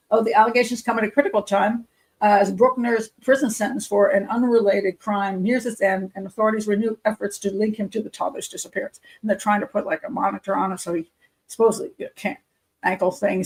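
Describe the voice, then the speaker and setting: Gravelly woman reading and commenting. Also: mid-range voice, poor audio. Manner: skeptical, muttering asides and self-corrections. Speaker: criminal profiler hosting a live show. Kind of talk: reading news aloud with running commentary.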